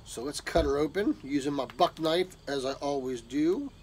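A man's voice: on the high side, normal speed, a little hiss or hum. A man opening a gift box of pipe tobacco and coffee, talking casually to his viewers with enthusiastic drawled exclamations. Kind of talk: casual unboxing talk to camera.

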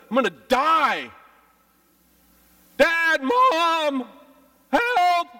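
A man preaching a sermon as pastor, telling stories with lively, dramatic delivery and acted-out cries. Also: a little high, vocal fry, no room sound, recorded from a distance. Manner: animated storytelling, acting out his childhood panic with shouts. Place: church.

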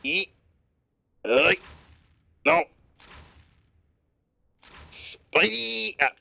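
Gravelly animated male streamer. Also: fairly high pitch, normal speed, no echo. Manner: talks in a put-on gruff newsman voice, profane and playful. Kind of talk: live gameplay commentary.

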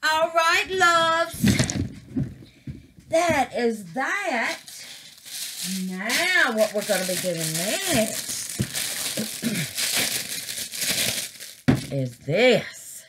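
A woman's voice: sits high, sing-song, drawn-out words, pauses often, very noisy. A middle-aged woman chatting casually to her viewers about her craft, calling them babies and honey. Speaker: craft vlogger.

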